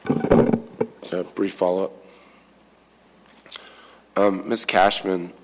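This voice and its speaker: A man attorney cross-examining a witness at a hearing in a measured, careful way. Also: low voice, level tone, big-room sound, very noisy.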